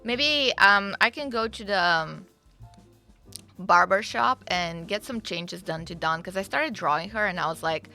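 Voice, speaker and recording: A woman's voice: medium pitch, measured pace, bright, forceful tone. A young woman streaming live, chatting casually and rambling to her viewers with fillers and the odd swear. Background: faint game music.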